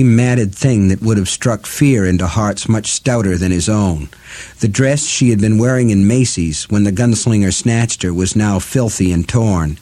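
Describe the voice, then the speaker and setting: A man narrating a novel as an audiobook reader, with a measured, even delivery. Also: fairly low pitch. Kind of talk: scripted narration.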